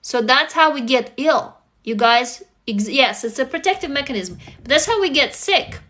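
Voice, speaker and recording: With a high, expressive voice and a sharp tone, a woman speaks at a moderate pace. Tired and drowsy, she hosts a laid-back livestream, responding openly to viewers, swearing freely and tossing out rhetorical questions.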